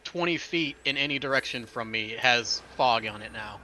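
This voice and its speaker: A man's voice: mid-range voice, normal speed, pushed and bright, slight background noise, rough recording. A man playing a tabletop game, talking through rules in a casual way. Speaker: player.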